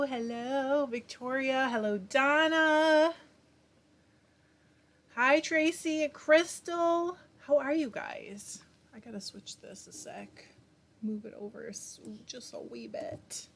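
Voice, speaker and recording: A woman hosting a live stream, chatting casually, greeting viewers by name and reading their comments aloud. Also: a little high. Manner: laughs often while talking. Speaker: livestream host spinning yarn.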